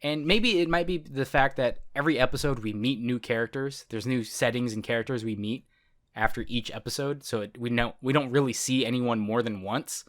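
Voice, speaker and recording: A man's voice: medium pitch, brisk. A man co-hosting a podcast in casual chat, rambling and correcting himself, laughing often. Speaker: podcast co-host.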